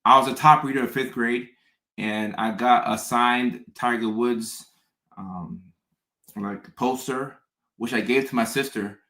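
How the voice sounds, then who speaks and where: A man's voice: medium pitch, fairly even intonation, a little slow, sharp tone. A young man from the South, telling stories about his childhood in a casual, rambling monologue full of restarts and fillers. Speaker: content creator. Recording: roomy echo.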